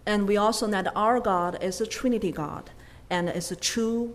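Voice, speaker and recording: A woman interpreting a sermon live, quick phrases with fillers and self-corrections. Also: medium pitch, in a large hall.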